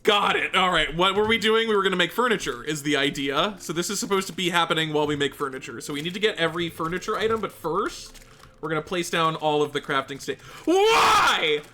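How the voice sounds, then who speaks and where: A speedrunner giving live gameplay commentary, excitable and exasperated, talking to themself and the chat. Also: mid-range voice, fast, a little hiss or hum. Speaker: speedrunner streaming a game.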